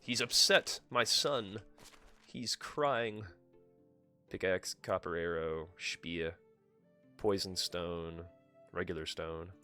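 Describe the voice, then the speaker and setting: A man streams a game with casual, self-directed commentary and plenty of swearing. His voice sits low but sounds bright and forceful. Soft game music runs underneath. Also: slow, long pauses. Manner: swears freely, talks to himself. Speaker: live streamer.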